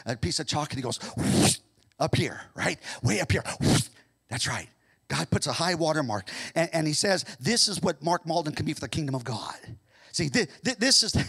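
An American pastor preaching in a church, his voice high and bright. He climbs to shouted, ringing peaks, then drops to quiet, joking asides with his congregation. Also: creaky, slightly rough. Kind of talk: sermon. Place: church sanctuary.

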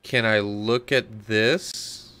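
A man's voice: fairly low pitch, steady tone, drawn-out words, sharp tone. A man hosting a gaming channel, talking casually through a game, joking and rambling to himself. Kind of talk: casual gameplay commentary.

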